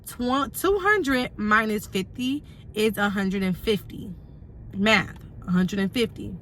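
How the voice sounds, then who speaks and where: A woman's voice: medium pitch, takes it slowly, a bit bright, a little hiss or hum. A young adult woman telling a storytime vlog, retelling events with emphatic repeats and asides. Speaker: vlogger.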